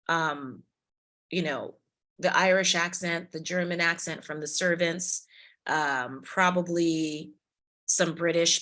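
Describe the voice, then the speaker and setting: A woman with a bright, forceful voice that sits a little low, telling stories with lively expression. She is an actress chatting casually as a guest on a podcast interview. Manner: animated, expressive storyteller.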